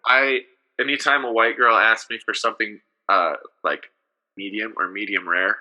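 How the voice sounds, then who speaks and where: A man's voice: fairly low pitch, fairly even intonation, normal speed, sharp tone, lo-fi sound. A young man co-hosting a podcast, telling rambling stories full of fillers in casual comedic banter. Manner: rambling storyteller, frequent fillers. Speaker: podcast co-host.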